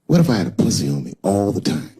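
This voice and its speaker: A man's voice: fairly low pitch, very animated, quick pace. Middle-aged guy doing raunchy standup, voice swings all over, live crowd noise behind him. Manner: profane storytelling, acts out voices. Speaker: stand-up comedian. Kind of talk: stand-up comedy set. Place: stage before a live audience. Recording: live show with audience noise.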